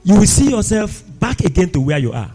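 A man preaching with a high, animated voice that swings widely in pitch. He delivers an impassioned sermon, calling out to his congregation as faint music plays behind him. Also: fairly quick, husky.

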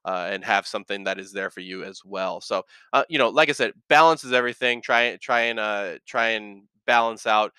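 A man's voice: fairly low pitch, fairly quick, hardly any pauses, sharp tone, smooth, no room sound. A man hosting a casual solo podcast, talking in an earnest, rambling way that often corrects itself, with a slight lisp. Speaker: podcast host.

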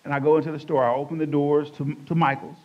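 A man, a pastor telling his testimony in an animated, colloquial way, acting out the quotes. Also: fairly high pitch, fast. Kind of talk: personal testimony storytelling. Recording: dull lo-fi recording.

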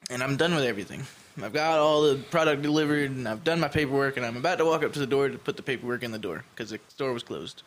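A man's voice: mid-range voice, fast talker. A man telling a story in a casual chat, laid-back and profane, rambling with fillers.

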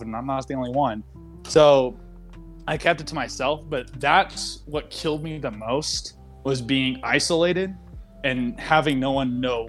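Rambling young man hosting a podcast. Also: mid-range voice. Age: young adult. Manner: rambling, open and candid, with frequent fillers and self-interruptions. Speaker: podcast host. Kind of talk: casual chat. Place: seated at his desk at home.

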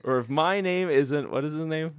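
A man's voice: moderate pace, smooth, no echo, clean studio sound. Laughing, rambling man co-hosting a podcast. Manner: rambling, laughs often, pitches jokey ideas. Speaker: podcast co-host. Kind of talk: casual comedic chat.

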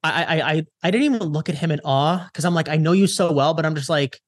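A young man from the Chicago area, a social media strategist, telling a story casually in an interview with lots of quick retellings and restarts. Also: a little high, no room sound, studio quality. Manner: animated, lots of "I'm like" retellings, fast restarts.

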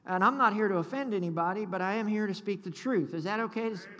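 Fervent high-voiced preacher in echoey church. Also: male voice, fast, fairly bright tone. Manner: fervent, call-and-response preaching, stumbles and restarts. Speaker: pastor. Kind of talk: sermon. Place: church sanctuary. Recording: echoey church with long reverb.

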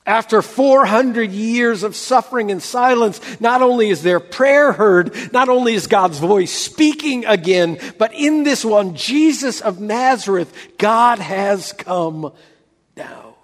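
A man preaching a sermon as pastor, building dramatically and then dropping to a near hush. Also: sits high, animated, takes it slowly, in a large hall.

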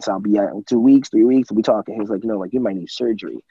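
A young man with a low, husky, mellow voice tells his story as an interview guest, loose and chatty and full of filler words. He acts out what other people said as he goes. The audio sounds dry and a bit dull. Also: fast, few pauses, no room sound. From USA. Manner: animated storyteller, many fillers, acts out quotes. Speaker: guest, former college football player.

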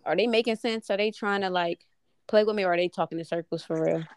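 A woman's voice: medium pitch, fast, clear, resonant tone, dry recording. A woman co-hosting a podcast, talking bluntly in a rambling, filler-heavy way. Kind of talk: casual podcast chat.

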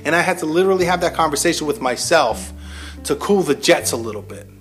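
A man's voice: on the high side, animated, quick pace, faint music behind. A man telling a personal story in a casual, heavily profane, self-mocking monologue to his listeners. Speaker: military veteran host.

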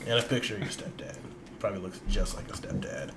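A man's voice: lowish voice, expressive, quick pace, fairly bright tone, slight background noise. Joking man reading listener emails. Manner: joking, laughs often, reads listener emails aloud. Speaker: podcast co-host. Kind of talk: casual podcast chat.

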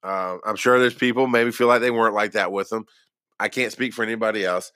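A man's voice: fairly low pitch, fairly even intonation, brisk, pushed and bright, no room sound, studio quality. A former paramedic telling his own story in a casual way, rambling and poking fun at himself, with lots of restarts. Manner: rambling and self-deprecating, with many restarts.

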